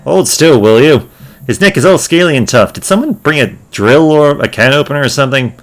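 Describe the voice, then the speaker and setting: A man's voice: a little high, animated, a little fast, voice pushed up. A man doing a snippy, dismissive vampire woman. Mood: irritated. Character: bored, snippy female vampire feeding in a swamp.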